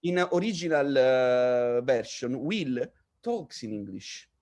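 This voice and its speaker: Halting Italian man, mid-pitch. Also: expressive, a little mellow. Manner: halting non-native English, lots of fillers and restarts. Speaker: film director. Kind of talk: casual interview conversation.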